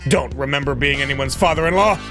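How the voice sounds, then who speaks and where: A man voicing a gruff, protective middle-aged father who talks bluntly, firm and flat. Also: mid-range voice, brisk, natural voice. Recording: voice over game music.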